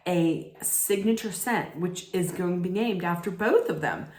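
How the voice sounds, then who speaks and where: A woman recaps a reality dating show in a casual, sarcastic vlog, cracking dry jokes. Her voice sits on the lower side and she talks at an unhurried, drawn-out pace. The sound is roomy and echoey. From United States. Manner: sarcastic, joking commentary. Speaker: vlog host.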